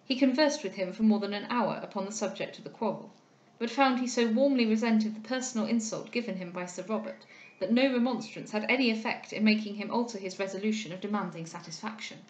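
A woman reading a classic novel aloud, in a measured, steady narration. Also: mid-range voice, muffled recording. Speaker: audiobook reader. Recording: roomy echo.

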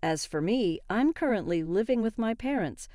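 A woman reading a first-person story aloud in an even, calm storytelling manner. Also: medium pitch, normal speed, no echo, clean studio sound. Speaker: story narrator.

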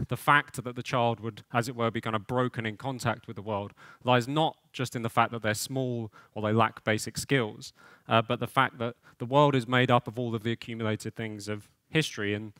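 A man's voice: medium pitch, fairly bright tone, dry recording. Thoughtful man, dry close sound. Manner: thoughtful, many fillers and restarts. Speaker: policy speaker. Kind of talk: spoken talk on education.

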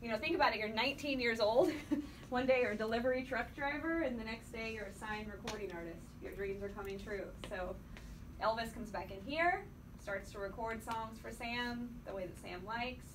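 A woman's voice: a little high, normal speed. A woman giving a guided tour, chatty and storytelling, talking to her group. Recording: distant mic, noisy room.

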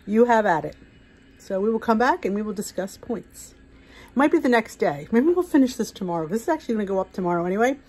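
A woman's voice: mid-range voice, expressive, fast talker, darkish tone, breathy edge, low-quality recording. A woman hosting a home cooking video, talking viewers through a recipe in a chatty, rambling way. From United States. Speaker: cooking vlog host. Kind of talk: casual cooking demonstration.

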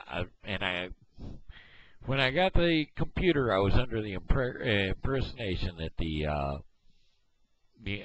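A man from Missouri talking casually to camera on his video blog, halting often with fillers and restarts, recorded on a headset microphone at home. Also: fairly low pitch, fairly bright tone, a little hiss or hum. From Missouri, USA. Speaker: video blogger. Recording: dull lo-fi headset mic.

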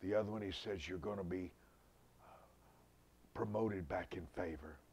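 A man preaching a sermon, swinging from loud outbursts to hushed whispers. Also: low-pitched, normal speed, vocal fry, slightly rough.

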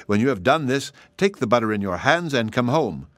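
A man's voice: mid-range voice, sing-song, brisk, dry recording, close to an everyday voice. A man voicing a scolding mother who is exasperated with her foolish little boy, in a storybook reading. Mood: instructing. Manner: exasperated, scolding, repeats the boy's name.

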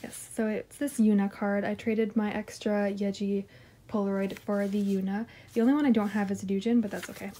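Brief: gushing woman vlogger, mellow tone, giggly and chatty as she unboxes. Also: medium pitch, little pitch movement, normal speed, slight background noise. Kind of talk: casual unboxing chat.

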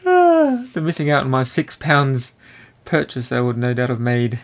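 A man with a mid-pitched voice co-hosts a relaxed podcast chat. He moves the talk along and makes teasing jokes. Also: moderate pace, gravelly. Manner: jokey, teasing. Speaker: podcast co-host. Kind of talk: casual chat.

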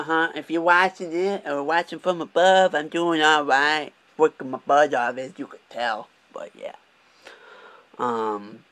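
A man's voice: fairly high pitch, fairly bright tone, no echo. A young man from Michigan talking candidly in a casual vlog, swearing often and restarting his sentences as he drives. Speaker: vlogger. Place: car, driving.

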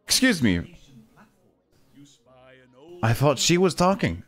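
A man playing a game for a video, joking sarcastically and jumping into sudden loud, high yelps. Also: sing-song, takes it slowly. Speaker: gaming YouTuber. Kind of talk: let's play commentary.

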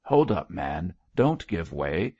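A man's voice: low voice, big pitch swings, dark tone, husky, dry recording, highs cut off, full character voice. Man voicing a firm, blunt doctor. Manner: firm, brisk and exhorting. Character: blunt, firm middle-aged male doctor.

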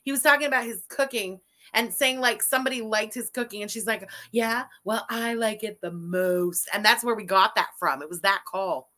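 A woman's voice: fairly high pitch, a little fast, sharp tone. A woman co-hosting a casual livestream, chatting and explaining gossip.

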